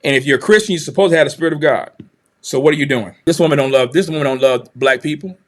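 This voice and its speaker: Speaking fast in a slightly high voice, this livestream commentator hosts his channel with heated, combative remarks. His tone turns preachy, and he hammers points home by repeating phrases.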